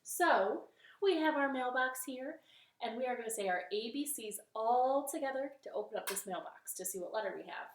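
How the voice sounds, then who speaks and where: A woman leading a children's storytime from her living room, gentle and encouraging, with a sing-song manner for the kids. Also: a little high, expressive, normal speed, echoey room, slight background noise.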